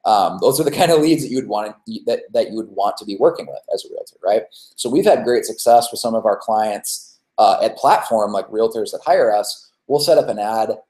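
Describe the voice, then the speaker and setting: A man's voice: on the low side, expressive, brisk, dark tone. A man giving a casual webinar talk on real estate marketing, full of fillers and "right?" tags. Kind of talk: webinar presentation. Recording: roomy echo.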